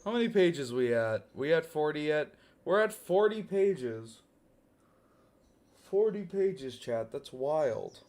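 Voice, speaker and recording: A woman's voice: sits low, big pitch swings, slow pace, a little mellow. A young woman streamer casually reading her own fanfiction aloud, often breaking into giggles.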